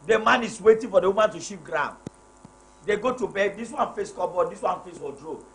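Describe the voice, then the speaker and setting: Man, middle-aged, pastor, live-stream host, high voice, emphatic, repeats phrases, roomy echo, faint noise. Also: animated, brisk, gravelly, fairly bright tone. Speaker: pastor hosting a live marriage program. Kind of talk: live-stream chat reading viewer comments. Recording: echoey room with faint noise.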